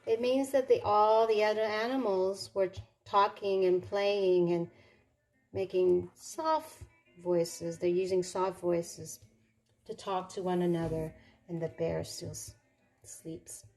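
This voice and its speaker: Woman reading a picture book aloud, slow pace, low mellow voice, simple explanations, faint music behind. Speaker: storybook reader.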